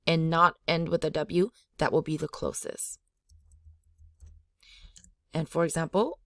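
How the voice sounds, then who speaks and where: A woman's voice: on the low side, moderate pace, a bit bright, dry recording, clean studio sound. A woman teaching a language lesson, repeating each sound aloud to demonstrate it. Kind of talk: slow spoken language lesson.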